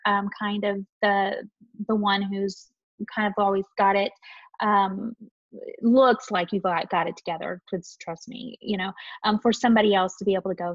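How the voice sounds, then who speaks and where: A young adult woman, a married podcast guest, speaking thoughtfully and pausing often with "um". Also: mid-range voice, no room sound, dull audio. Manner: thoughtful, with many "um"s. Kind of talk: casual conversation.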